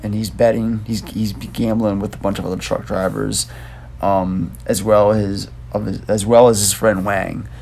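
A man's voice: on the low side, little pitch movement, moderate pace, vocal fry, darkish tone, slight background noise. A man co-hosting a casual movie review podcast, talking in a loose, rambling, laid-back way. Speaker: podcast co-host.

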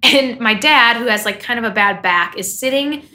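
Bright, giggly young woman chatting. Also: on the high side, moderate pace. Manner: chatty, giggly, rambling with fillers. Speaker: podcast co-host. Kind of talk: casual chat.

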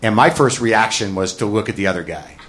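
A man doing a stand-up comedy routine, telling a rambling, self-deprecating confessional story and breaking into loud shouted bits. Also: fairly low pitch, expressive, brisk, background noise.

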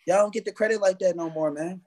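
A man's voice: high-pitched, fast talker, a little mellow. A man, a guest artist telling stories in a casual interview, swearing freely and acting out his own past reactions. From United States.

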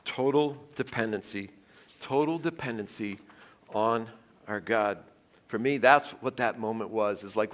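A man's voice: fairly low pitch, unhurried, a bit bright, lo-fi sound. A man preaching a sermon in an earnest way, often repeating words and dropping his voice on key phrases. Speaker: pastor.

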